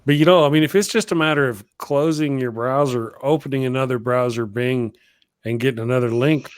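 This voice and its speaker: A man's voice: mid-range voice, brisk, smooth, no room sound, clean studio sound. A man hosting a livestream in casual chat, joking and self-deprecating. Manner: jokey, laughs often, self-deprecating. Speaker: show host.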